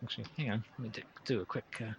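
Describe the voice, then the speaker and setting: A man's voice: medium pitch, fairly even intonation, very fast, dull audio, a little hiss or hum. A man hosting a livestream, chatting casually and chuckling as he builds a prop. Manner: easygoing, chuckling, many fillers. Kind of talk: casual chat while working.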